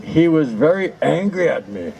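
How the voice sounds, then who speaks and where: A man telling a humorous anecdote to listeners, with slow, drawn-out delivery, laughter and mock-pleading repetitions. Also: on the high side, animated, creaky, warm tone, slight background noise, poor audio. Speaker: storyteller to an audience.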